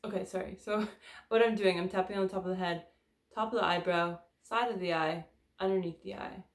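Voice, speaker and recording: A woman's voice: fairly low pitch, fairly even intonation, a little fast. A woman leading a guided tapping session in a casual, candid way, swearing freely and sighing between statements. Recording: echoey room.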